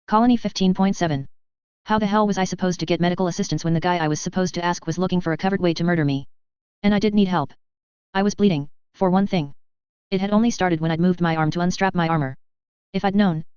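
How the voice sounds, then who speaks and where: A woman narrating a first-person audiobook in a steady, measured reading. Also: lowish voice, clean tone, no echo. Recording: slightly dull recording.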